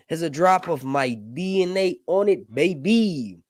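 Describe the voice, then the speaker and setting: Animated rambling male livestream host. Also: on the high side, measured pace, no room sound, clean studio sound. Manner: rambling, animated, frequent fillers and jokes. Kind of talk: casual livestream chat.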